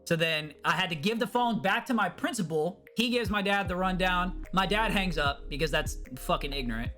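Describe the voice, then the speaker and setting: A young man vlogging, telling a story in an animated, profane way. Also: high voice, moderate pace, soft background music. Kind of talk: storytime vlog.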